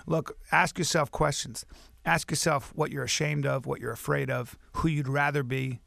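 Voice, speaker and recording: Gravelly, animated male comedian storyteller. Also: on the high side, moderate pace, no room sound. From American. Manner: animated storyteller, swearing freely, drops into gruff impressions. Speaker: guest comedian. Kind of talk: casual interview chat.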